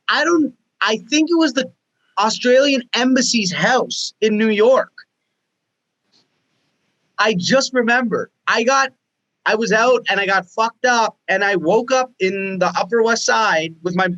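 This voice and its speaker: Guy from canada on a podcast, pretty high voice, swears a lot, does everyone's lines in his stories. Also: unhurried, sharp tone, muffled recording. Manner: profane storyteller who acts out quoted people. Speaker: podcast guest. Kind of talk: casual chat.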